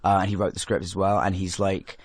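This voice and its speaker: A man's voice: sits low, breathy edge. A young English man, an actor, talking casually on a podcast, full of fillers and restarts. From England. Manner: animated, quick with many fillers and restarts. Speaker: actor guest.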